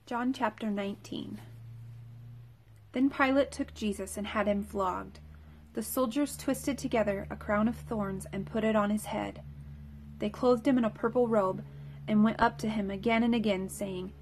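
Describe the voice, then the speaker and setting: Woman scripture reader, clear measured delivery, mid-range voice. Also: medium pitch, steady tone, slight background noise. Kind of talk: scripture reading.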